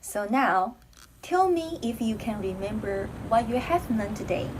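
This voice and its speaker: A woman from Taiwan with a Taiwanese accent, whose first language is Taiwanese Hokkien, teaching a language lesson slowly and carefully, repeating phrases for the learner. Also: on the high side, lively intonation, background noise.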